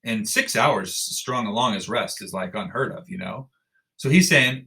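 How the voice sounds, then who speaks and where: A man telling a story as a podcast guest, animated and blunt, swearing casually and restarting sentences. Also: on the low side, a little slow, vocal fry. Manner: animated storyteller who acts out dialogue, with frequent restarts. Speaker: podcast guest, endurance athlete. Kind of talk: storytelling in an interview.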